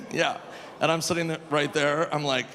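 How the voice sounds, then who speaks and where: A male stand-up comedian performing live on stage, animated and shouting his punchlines high. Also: normal speed, slight background noise. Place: large live comedy venue. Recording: live hall with long reverb, faint crowd ambience.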